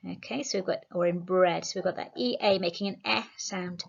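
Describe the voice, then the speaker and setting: A woman, teaching a spelling lesson to young children, slowly sounding words out syllable by syllable. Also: lowish voice, gravelly, dull audio. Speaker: primary school teacher.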